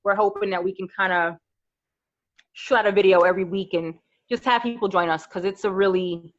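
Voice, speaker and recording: Animated woman in her thirties, slightly dull audio. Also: mid-range voice, fairly quick. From New York. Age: 30s. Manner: animated storyteller, acts out friends' voices. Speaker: podcast guest, makeup artist. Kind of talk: casual podcast interview.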